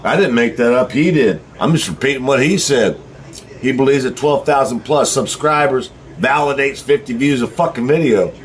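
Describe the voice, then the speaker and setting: A man's voice: mid-range voice, moderate pace. A middle-aged man with a drawl delivering a blunt, profane ranting monologue to his viewers. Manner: blunt, heated, swearing freely. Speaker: vlogger.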